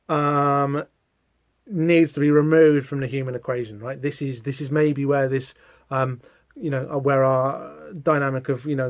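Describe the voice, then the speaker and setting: A man's voice: mid-range voice, no room sound. Man, podcast host, casual comic commentary, fillers, dry muffled sound. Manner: chatty, reads quotes aloud with hesitant fillers.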